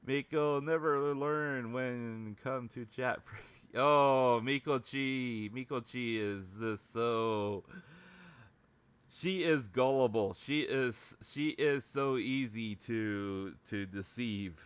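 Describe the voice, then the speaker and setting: A man chatting casually on a livestream, halting and laughing often. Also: medium pitch, smooth. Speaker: streamer.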